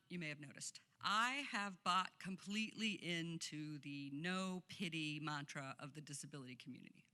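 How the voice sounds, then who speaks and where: A woman's voice: on the low side, sharp tone. A woman giving a passionate conference keynote speech, emphatic and laughing often, recorded in a conference hall. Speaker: keynote speaker.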